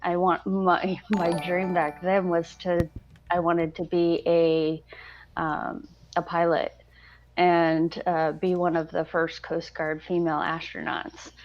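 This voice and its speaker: A woman's voice: fairly low pitch, flat delivery, slow, a little mellow. A woman veteran on a casual panel, talking about her past in a rambling, self-deprecating way. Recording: lo-fi dull sound.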